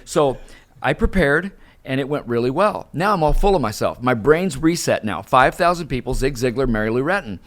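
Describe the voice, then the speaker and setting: A man's voice: medium pitch, moderate pace. An older man, a guest and professional speaker, telling a story in an interview and acting out the dialogue. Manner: animated storyteller, acts out dialogue.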